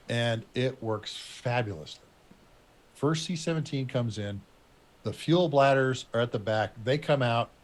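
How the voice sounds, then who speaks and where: A man's voice: mid-range voice, a little mellow. A middle-aged man telling a war story about his military years in a casual, rambling way, stopping now and then to recall names. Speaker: retired Air Force officer telling a war story.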